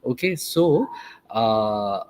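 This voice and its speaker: A man hosting an online session, introducing a guest with many pauses and fillers. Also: on the low side, lively intonation, a little mellow. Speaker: webinar host. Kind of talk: casual hosting talk.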